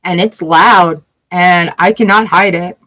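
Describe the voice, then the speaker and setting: A woman in her forties chatting casually on a tarot livestream, emotional and quick to laugh. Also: lowish voice, steady tone, bright, forceful tone, rough recording. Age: 40s. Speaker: tarot reader.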